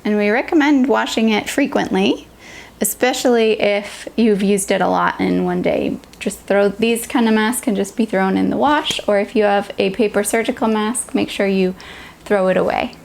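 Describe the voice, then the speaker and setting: A woman lactation consultant giving clear, step-by-step safety instructions in an instructional health video. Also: medium pitch, normal speed.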